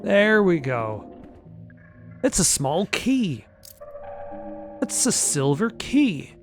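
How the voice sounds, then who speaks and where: A man's voice: high voice, big pitch swings, drawn-out words, over music. Wry man commenting on gameplay. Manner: wry, self-mocking. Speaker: let's play host.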